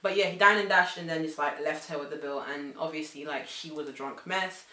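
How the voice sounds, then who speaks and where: Animated woman telling a story. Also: low voice, a little fast. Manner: animated, swings between loud outbursts and hushed asides. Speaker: vlogger. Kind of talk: casual storytime. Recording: echoey room.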